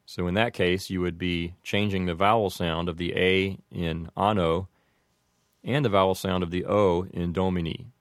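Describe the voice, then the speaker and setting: A man explaining Latin pronunciation in a measured, methodical way, slowing down for each example. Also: low-pitched, fairly even intonation, no room sound, clean studio sound. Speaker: language teacher.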